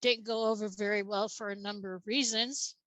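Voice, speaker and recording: A woman's voice: mid-range voice, steady tone, brisk, fairly bright tone, no room sound, low-quality recording. A woman guest in a casual interview, telling her story in a matter-of-fact way with light laughs.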